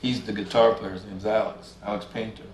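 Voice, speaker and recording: A musician guest in an informal interview, this man speaks a little fast in a fairly low, level tone. He tells stories laid back, swearing freely and voicing what people said. There's roomy room sound, faint ambience and a slight hiss or hum.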